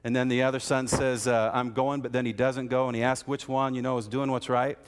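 A man's voice: medium pitch, little pitch movement, a little fast, smooth. A man preaching a sermon, telling folksy stories and asking repeated rhetorical questions of his congregation. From American Midwest. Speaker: pastor. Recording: hall reverb.

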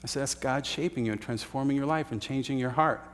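A man's voice: mid-range voice, fast talker, big-room sound, slight background noise. A man preaching a sermon, telling a story earnestly with uhs and restarts. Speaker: pastor.

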